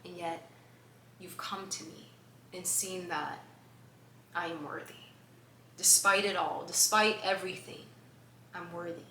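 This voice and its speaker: A woman's voice: on the low side, steady tone, unhurried, pauses often, sharp tone. A woman vlogger telling stories casually to the camera, chatty and full of fillers, laughing often. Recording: echoey room with faint background hum.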